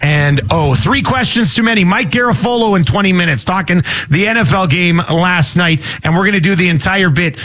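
Energetic male sports radio host, slightly high voice, studio mic. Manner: energetic, quick shifts into sponsor reads. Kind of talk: sports radio chat with ad reads. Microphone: studio microphone.

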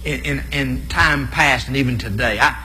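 Bright-voiced comedian in a hall. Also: male voice, medium pitch, normal speed, a little hiss or hum. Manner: energetic, stammering, laughing at his own jokes. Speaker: comedian and preacher. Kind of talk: live stand-up comedy with impressions. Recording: long hall reverb, faint ambience.

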